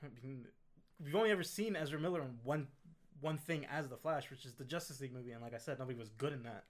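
A man's voice: mid-range voice, fast. A man in casual chat, wry and loose, swearing freely and poking fun. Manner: casual, swearing, mocking voices.

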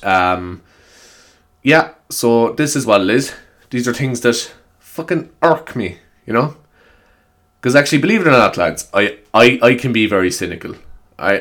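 A man's voice: mid-range voice, a bit bright. A man with an Irish accent hosting his solo podcast, chatting casually in a rambling, self-mocking way with frequent swearing. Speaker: podcast host. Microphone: new microphone.

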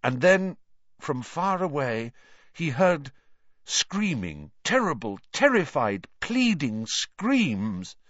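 A man reading an audiobook aloud in a slow, dramatic, expressive way. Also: on the high side, no room sound, dull audio. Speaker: audiobook reader. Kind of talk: audiobook narration.

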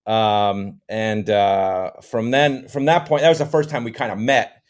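In an unhurried, lowish voice, a middle-aged American comedy actor recounts stories as a podcast guest. His manner is relaxed and digressive, heavy on filler words in this casual interview.

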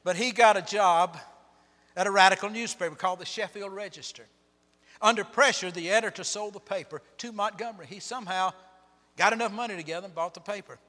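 A man preaching a sermon as pastor, telling Bible stories with sharp swings between loud and soft. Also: high voice, fairly quick, in a large hall. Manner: storytelling, dramatic shifts in loudness. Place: church sanctuary.

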